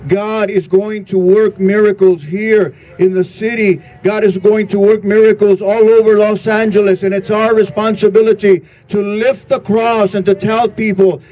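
A man's voice: sits high, little pitch movement, normal speed, hardly any pauses, mellow, rough recording. A grieving man, a pastor, giving an earnest prayer vigil address with a repetitive preaching cadence.

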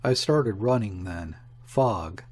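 A man reading a gloomy, husky conspirator. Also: on the low side, animated, takes it slowly, exaggerated voice. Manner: gloomy and bitter. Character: gloomy desperate middle-aged male conspirator.

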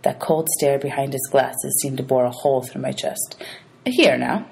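A woman's voice: very deep voice, level tone, normal speed, vocal fry, mellow, a little hiss or hum, low-quality recording. A woman teacher reading a novel aloud to her students, announcing page numbers as she goes.

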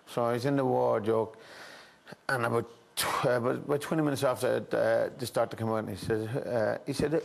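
An Irish man telling a story as a chat show guest, halting and repetitive, with frequent restarts and "I said". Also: mid-range voice, creaky. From Ireland.

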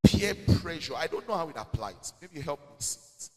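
Nigerian male pastor, high and very expressive delivery, emphatic preaching, long hall reverb. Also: brisk. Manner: animated, emphatic, slipping into Pidgin asides. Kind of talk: preaching in a church Q&A. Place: church hall.

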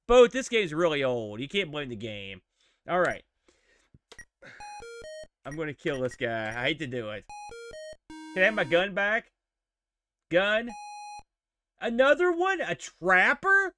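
Animated high-voiced man streaming games. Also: unhurried, pauses often. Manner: animated, exclaiming and joking at the game. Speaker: streamer playing retro games. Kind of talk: casual live-stream commentary.

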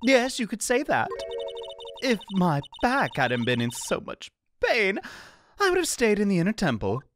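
A man's voice: high-pitched, wildly swooping pitch, unhurried, fairly bright tone, soft background music, pitched above the performer's own voice, exaggerated voice. A man doing a chirpy sing-song old nun. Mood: sweetly chatty. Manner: sing-song, sweet, fussing about her aching back. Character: chirpy elderly female temple nun. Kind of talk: reading game dialogue aloud.

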